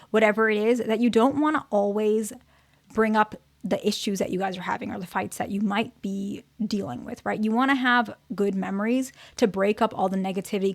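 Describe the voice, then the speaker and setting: A woman therapist talks through relationship advice in an easy, conversational way, with a noticeable gravelly fry running through her middle-pitched voice. She keeps checking in with her listeners and corrects herself when a word doesn't sit right. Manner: corrects herself mid-sentence while searching for words. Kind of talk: casual relationship advice talk to viewers.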